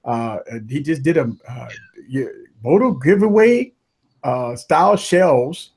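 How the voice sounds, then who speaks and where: Husky, hyped-up male tech stream host. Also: fairly high pitch, measured pace. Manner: hype, repetitive shout-outs, animated. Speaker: livestream tech show host. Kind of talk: casual livestream chat.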